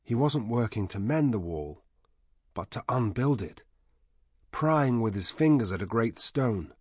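A man voicing a grieving man haunted by dreams, quiet and weary in a husky hushed voice. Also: mid-range voice, lively intonation, measured pace, no echo, studio quality, pitched above the performer's own voice. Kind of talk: audiobook character voice.

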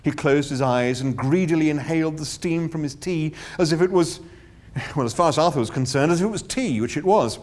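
A man giving expressive audiobook narration with wry, theatrical comic timing. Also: a little high, brisk.

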